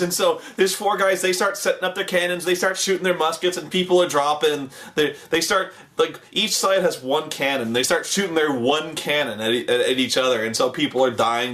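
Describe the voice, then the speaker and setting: A man's voice: medium pitch, a bit bright. A man giving a comedic review of a television show, sarcastic and profane, retelling scenes with mock voices.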